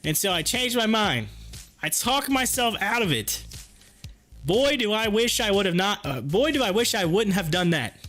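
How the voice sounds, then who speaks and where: A man hosting a casual livestream, reading chat and talking in an excited, chatty, folksy way, a bit hoarse. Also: high voice, moderate pace, soft background music. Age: adult with kids. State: hoarse, losing his voice.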